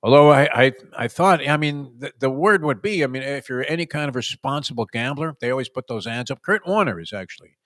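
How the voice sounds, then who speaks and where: A middle-aged man hosts a casual sports talk show, wry and sarcastic, rambling through his points with plenty of fillers. His voice is mid-pitched, and it sits close and dry on a studio mic. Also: animated, brisk, a bit bright, no echo.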